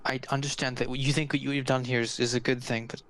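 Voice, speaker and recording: A man's voice: medium pitch, level tone, fast talker, a bit bright, close to an everyday voice, low-quality recording. A man voicing an older village priest who is grieving, hesitant and apologetic, stopping and restarting as he talks. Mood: weary.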